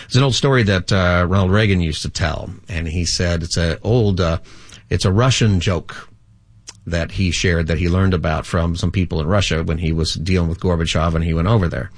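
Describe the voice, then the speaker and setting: A man's voice: sits low, normal speed, dry recording. A man who hosts a radio call-in show as a pastor, explaining his views steadily to callers. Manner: steady, explanatory, reads out the phone number.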